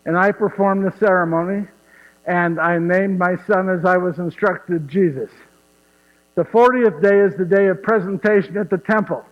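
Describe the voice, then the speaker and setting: A man's voice: sits high, close to an everyday voice. An actor playing Saint Joseph as a humble, wonder-struck father, telling the story in first person and chuckling as he turns to the audience. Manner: chuckles warmly at his own story, asks the audience directly. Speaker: actor in a one-man stage show. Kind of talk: first-person dramatic monologue. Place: church. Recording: echoey church, dull muffled sound.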